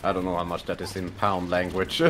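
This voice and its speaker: A man chatting casually and hesitantly while playing a video game with friends, joking between pauses. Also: monotone. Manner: hesitant, jokey, pitch swings widely. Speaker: co-player. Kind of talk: casual gaming chat. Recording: gameplay music behind voice.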